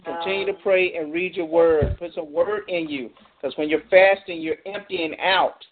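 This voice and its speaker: A man's voice: on the high side, normal speed, crowd noise. A man leading a church Bible study call, exhorting the group in an encouraging, preacherly way. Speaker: Bible study leader and host. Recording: tinny phone-line audio.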